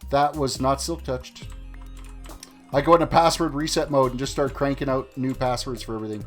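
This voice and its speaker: A man's voice: medium pitch, fairly even intonation, moderate pace. A man chatting casually with his viewers on a live stream while playing, rambling and talking things through. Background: faint music and keyboard typing.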